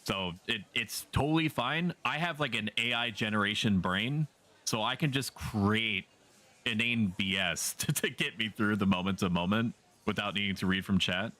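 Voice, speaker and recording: Joking low-voiced male streamer. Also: moderate pace, bright, forceful tone. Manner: joking, chatty, swears casually. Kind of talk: casual game livestream chat.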